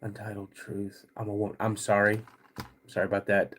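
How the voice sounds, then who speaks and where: A middle-aged man hosting a casual livestream, laid-back and rambling, clearing his throat often as he gets over a cold. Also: lowish voice, little pitch movement, fairly quick. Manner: laid-back and rambling, greets chat viewers between stories. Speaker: podcast host.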